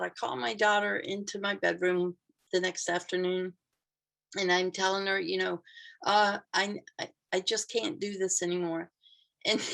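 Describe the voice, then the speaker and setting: A woman's voice: mid-range voice, vocal fry, a bit bright. An older woman telling a candid personal story, with a frank, self-deprecating manner.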